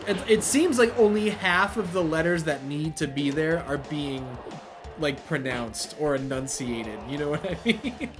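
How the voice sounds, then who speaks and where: A man hosting a wrestling video game playthrough, chatting casually, laughing and swearing, then shouting play-by-play at the big moves. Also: a little high, lively intonation, unhurried, music in the background. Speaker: let's play host.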